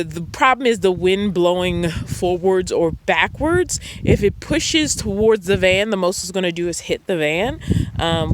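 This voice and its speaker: A woman talks casually at an outdoor desert campsite beside her van, rambling and often pausing with ums. The recording has clear, steady background noise around her voice. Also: lowish voice. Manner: chatty, rambling, frequent ums. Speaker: van-dwelling vlogger. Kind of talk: casual chat.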